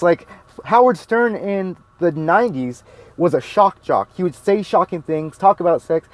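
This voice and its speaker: Heated, profane man with a higher voice. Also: darkish tone, no echo. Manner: heated, blunt and profane, repeats his points. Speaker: video commentator. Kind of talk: ranting monologue.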